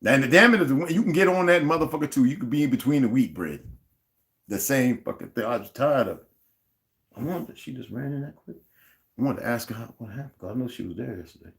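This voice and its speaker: A man's voice: medium pitch, expressive, fast talker, gravelly. A man hosting a livestream, ranting in a heated, profane way and greeting viewers from the chat. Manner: greets viewers and reads their chat comments aloud. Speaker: livestream host. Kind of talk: unscripted livestream rant.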